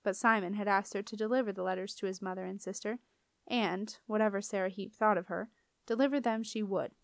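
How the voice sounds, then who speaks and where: A woman reading a children's fantasy novel aloud in an even, expressive style. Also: mid-range voice, a little fast, vocal fry, dry recording, clean studio sound. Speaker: audiobook reader. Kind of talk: storybook narration.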